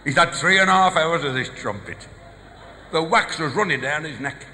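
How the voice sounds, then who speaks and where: Bright-voiced Black Country comedian, live. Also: male voice, a little high, lively intonation, moderate pace. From English West Midlands. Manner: rattles off one-liners and short gag stories. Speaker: stand-up comedian. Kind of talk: live stand-up routine. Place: large live venue. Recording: live hall reverb, faint noise.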